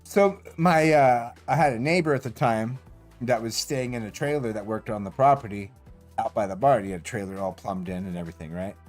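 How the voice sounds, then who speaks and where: A man's voice: mid-range voice, a little fast, soft background music. A man streaming a game, telling a rambling story casually, swearing often and laughing as he goes. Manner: profane, rambling, animated retelling with laughs.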